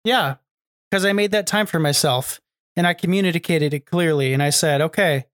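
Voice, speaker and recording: A middle-aged man in a casual podcast chat, giving advice in a measured way and asking and answering his own questions. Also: on the high side, fairly bright tone, no echo, clean studio sound. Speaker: podcast co-host.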